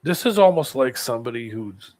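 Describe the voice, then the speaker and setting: A man's voice: mid-range voice, expressive, brisk, darkish tone, no room sound. A man co-hosting a podcast, reacting to clips with dry, short remarks. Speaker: podcast co-host. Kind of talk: casual reaction commentary.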